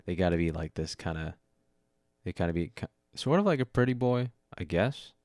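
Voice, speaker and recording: A man's voice: deep voice, lively intonation, fairly quick, a little mellow, no echo, clean studio sound. A sleepy man hosting his own podcast, rambling casually about writing a script, yawning and laughing at his own jokes. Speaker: podcast host. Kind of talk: casual solo podcast talk. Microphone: studio mic with audio interface.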